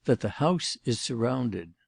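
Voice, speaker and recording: Casting: man reading a blunt, grumbling inspector, gravelly and rough, pushing impatiently. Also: mid-range voice, lively intonation, measured pace, darkish tone, no room sound, studio quality, exaggerated voice. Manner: gruff and impatient.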